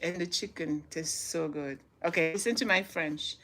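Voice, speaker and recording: A woman in her forties hosts a casual live stream from home, reading aloud and chatting with viewers in an upbeat, motivational way. Her voice sits fairly low, and she laughs often between lines. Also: moderate pace, few pauses, a bit bright. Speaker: livestream host.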